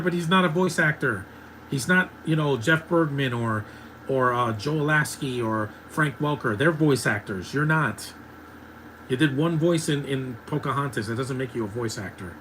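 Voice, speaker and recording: A man's voice: fairly high pitch, fairly bright tone, a little hiss or hum, rough recording. A man in his thirties giving opinionated, ranting live commentary while watching a movie, laughing often. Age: 30s.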